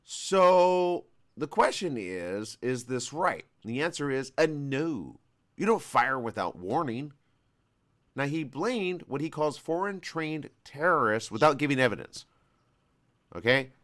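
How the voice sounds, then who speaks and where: A man's voice: mid-range voice, a bit bright. A man hosting a live talk show, giving rambling, conversational commentary with an American West Coast accent. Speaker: host.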